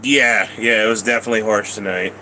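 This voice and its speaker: A man's voice: fairly low pitch, fairly even intonation, brisk, gravelly, noisy background. A man streaming himself at slot machines, out of breath, coughing often and grumbling at the machine in casual chat. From Colorado, USA.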